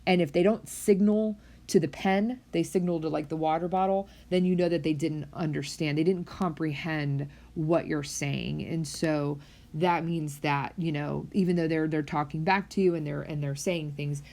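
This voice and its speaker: Lady prof talking through a psych lecture, bit low voice, lots of ums and restarts, easygoing. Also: steady tone, normal speed, warm tone. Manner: conversational, with many fillers and restarts. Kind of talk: recorded university lecture.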